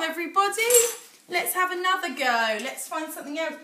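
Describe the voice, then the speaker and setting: A woman with an English accent teaching a phonics lesson to young children, sounding out letters in a sing-song, drawn-out way. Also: sits high, expressive, bright, forceful tone, a little hiss or hum. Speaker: infant school teacher. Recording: echoey room, voice a little far from the mic.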